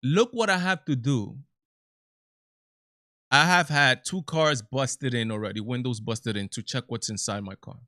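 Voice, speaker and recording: A man's voice: medium pitch, unhurried, pushed and bright, no room sound, studio quality. A man hosting his own live commentary stream, talking emphatically with many repeats and restarts. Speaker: show host.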